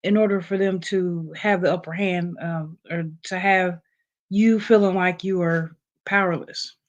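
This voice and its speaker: A woman's voice: fairly low pitch, fairly even intonation, unhurried, muffled recording. A woman hosting a casual livestream, just out of bed, reading points from a list with plenty of ums and chatting with her viewers. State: just woke up. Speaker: livestream host.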